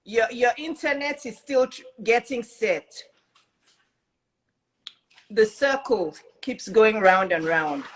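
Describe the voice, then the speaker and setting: A woman's voice: fairly high pitch, lively intonation, slow pace, long pauses, poor audio. A woman hosting a live talk show from home, repeating her greetings and welcomes, with a cough drop in her mouth. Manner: warm and repetitive, greets and welcomes over and over. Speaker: host.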